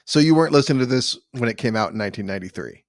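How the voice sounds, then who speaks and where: A man's voice: mid-range voice, animated, very fast, no room sound, clean studio sound. A man hosting a music podcast, chatting loosely and joking with a friend over a remote call. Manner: laid-back, joking, swears casually. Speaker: podcast host. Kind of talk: casual chat. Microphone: headphones and mic on a video call.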